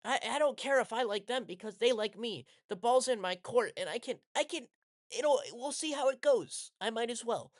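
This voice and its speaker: A man voicing a careless, bratty middle school girl in a high breezy falsetto. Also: expressive, moderate pace. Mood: flippant.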